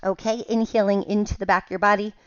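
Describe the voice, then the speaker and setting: A woman's voice: medium pitch, flat delivery, fast, clear, resonant tone, highs cut off. A woman teaching a Pilates workout at home, cueing each move with counts, a little out of breath. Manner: cueing moves with counts, laughing at herself. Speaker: Pilates instructor. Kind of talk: guided workout instruction.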